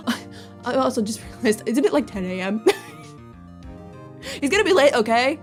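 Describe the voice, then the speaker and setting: A woman's voice: on the high side, very animated, normal speed, long pauses, over music. A young woman chatting casually and rambling with lots of fillers as she plays through a game. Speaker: let's play host.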